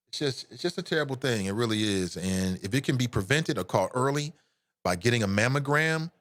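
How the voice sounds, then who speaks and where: A man hosting a live call-in radio show, chatting with listeners in an animated, joking way that turns earnest. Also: mid-range voice, fairly quick, dry recording, clean studio sound. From United States.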